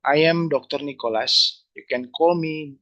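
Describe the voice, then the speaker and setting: A man lecturing, speaking haltingly and repeating phrases. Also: fairly high pitch, sharp tone, lo-fi sound. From Indonesia. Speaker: university lecturer. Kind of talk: webinar lecture.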